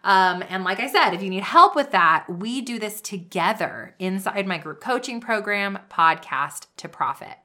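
A woman's voice: mid-range voice, animated, normal speed, hardly any pauses, bright, forceful tone. A woman hosting a podcast, giving an upbeat pep-talk style coaching monologue. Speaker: podcast host and business coach.

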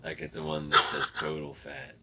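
A man's voice: very deep voice, completely flat delivery, moderate pace, very noisy. A man in casual chat who talks earnestly and eagerly, often calling his friend dude. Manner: earnest, enthusiastic, says dude a lot.

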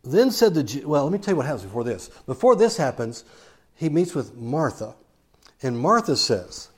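A man's voice: mid-range voice, sing-song, normal speed, slightly rough. A man preaching a sermon, telling a Bible story and acting out the quoted lines as he goes.

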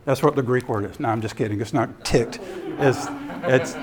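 A man giving a sermon-style ministry talk as an animated storyteller who acts out scenes. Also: mid-range voice, fairly quick. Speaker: ministry speaker.

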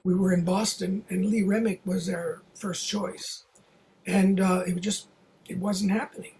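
An older theater producer recounts a story from a long career in a relaxed, conversational way. The telling wanders with fillers and restarts and keeps breaking into quoted dialogue. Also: medium pitch, gravelly, slight background noise, low-quality recording. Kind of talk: anecdotal storytelling.

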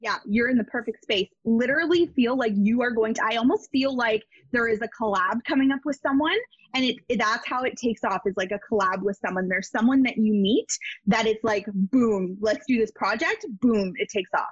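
A woman's voice: on the high side, a little fast, breathy edge, dry recording, lo-fi sound. A woman giving a casual psychic reading as a guest, emphatic and repetitive, with many fillers, over a video call.

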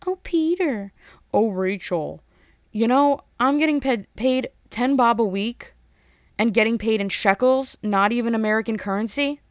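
A woman, ranting in a sarcastic, animated monologue that jumps between topics. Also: a little high, moderate pace, no echo, studio quality.

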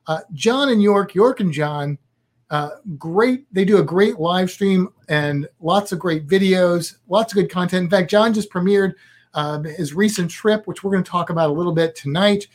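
A man's voice: sits high, moderate pace. A man co-hosting a live podcast in a chatty, joking, upbeat way. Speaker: podcast co-host. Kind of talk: casual live podcast chat.

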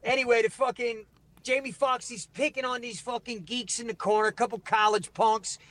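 A man's voice: very high-pitched, fairly even intonation, normal speed, fairly bright tone, no echo. A middle-aged man telling a rambling, profane story as a podcast guest, laughing as he goes. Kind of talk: casual storytelling.

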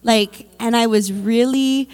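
A woman's voice: on the high side, fairly even intonation, takes it slowly, darkish tone, clear, resonant tone. A woman, a mother, tells her personal faith testimony candidly, with plenty of fillers. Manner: candid storytelling with many fillers.

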